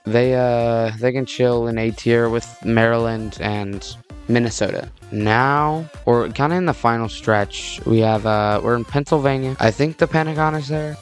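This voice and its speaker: A young man from Texas, USA, a video creator, talks at a normal pace in a medium-pitched voice with faint music in the background. He gives rambling, jokey commentary in a casual video. He often breaks off mid-sentence.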